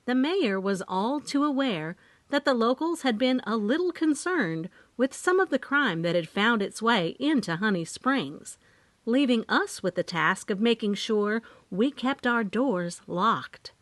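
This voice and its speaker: A woman reading a first-person audiobook, measured and expressive. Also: a little high, no echo. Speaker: audiobook narrator. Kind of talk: scripted first-person narration.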